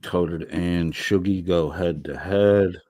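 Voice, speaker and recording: A deep-voiced man chats on a live stream, reading viewer comments aloud and firing back at them. He rambles and swears freely in a loose, offhand way. His laptop mic picks him up dry, with no room sound. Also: fairly even intonation, slow pace, darkish tone, dry recording. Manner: rambling, profane, talks back to chat. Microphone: laptop microphone.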